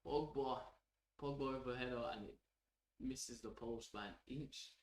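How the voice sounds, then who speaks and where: A man calls the match live as a fan host, his voice in the middle range. He talks in an excitable, opinionated way and swears casually. The room around him gives the voice an echo. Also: mid-range voice, a little slow. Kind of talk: live match reaction commentary. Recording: roomy echo.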